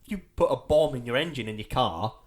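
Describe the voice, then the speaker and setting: A man's voice: mid-range voice, animated, fast talker, crowd noise. A man co-hosting a podcast in casual chat, chatty and given to laughing asides. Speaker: podcast co-host.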